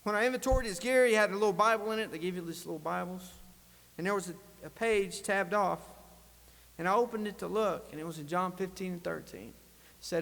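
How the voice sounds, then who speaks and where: Earnest man, high voice, echoing chamber. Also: a little fast, creaky, fairly bright tone. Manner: earnest storytelling, emotional. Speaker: state legislator. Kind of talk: farewell speech. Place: legislative chamber. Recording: long reverb of a large chamber.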